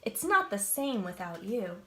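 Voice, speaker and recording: A woman voicing a group of grown-ups in a children's story, loud and exclaiming. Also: mid-range voice, very animated, unhurried, echoey room, pitched below the performer's own voice. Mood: forgiving. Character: scolding then forgiving grown-ups.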